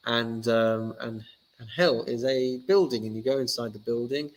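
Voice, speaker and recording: A man, a rabbi giving a casual teaching talk and telling stories lively, acting out the characters. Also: mid-range voice, rough recording.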